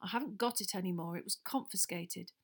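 A woman's voice: on the low side, brisk. Harry, a gloomy teenage boy wizard, read by a woman. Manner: subdued, a little nervous. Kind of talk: audiobook character voice.

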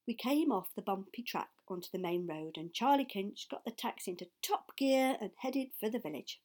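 A woman reading a storybook aloud as its narrator, in a measured, expressive way. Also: medium pitch. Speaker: audiobook reader.

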